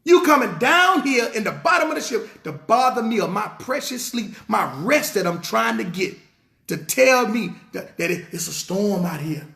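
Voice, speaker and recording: A preacher acting out an exasperated Christ. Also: male voice, very high-pitched, very animated, sharp tone, pitched above the performer's own voice, heavily acted. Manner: exasperated, scolding, rapid rhetorical questions. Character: frustrated Christ scolding his disciples. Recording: roomy echo.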